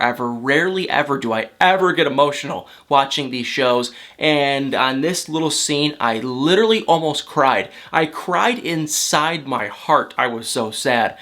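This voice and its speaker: A man with a slightly higher voice recaps reality TV in a loose, casual vlog. He talks in a chatty, emotional way, piling on fillers and repeating himself as he goes. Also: sharp tone. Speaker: reality TV commentator.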